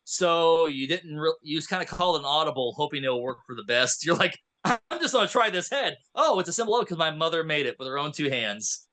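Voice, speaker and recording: A man co-hosting a podcast in a studio, retelling a film with lively acted-out lines. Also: a little high, a little fast, few pauses. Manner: animated storytelling, acts out characters' lines. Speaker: podcast co-host. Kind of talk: casual movie recap chat.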